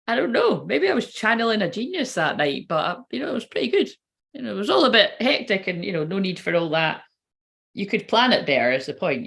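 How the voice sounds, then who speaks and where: A woman's voice: medium pitch, fairly bright tone. Chatty woman who swears freely. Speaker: tarot card reader. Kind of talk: casual rambling chat to viewers.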